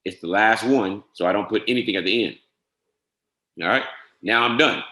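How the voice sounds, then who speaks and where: A man with a fairly low but bright, forceful voice teaches a software setup on a screen share. He spells out each entry slowly and checks in with a casual "all right?" as he goes. The sound carries a roomy echo. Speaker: software trainer.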